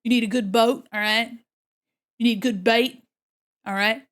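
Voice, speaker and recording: A woman's voice: on the high side, fairly even intonation, measured pace, fairly bright tone. A woman voicing a boastful Southern fishing buff in a put-on Southern US accent, full of folksy catchphrases during a comedic stream bit.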